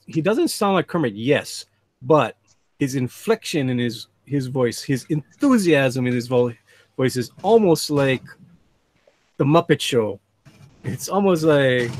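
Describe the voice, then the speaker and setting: This livestream host and artist has a fairly high, slightly mellow voice. During his live drawing stream he chats casually with call guests and reads chat messages out in an easygoing way.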